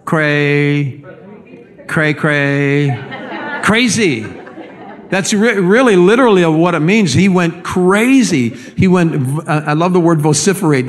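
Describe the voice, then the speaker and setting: A man preaching a sermon as pastor, speaking emphatically and often repeating words as he builds a point. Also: fairly high pitch.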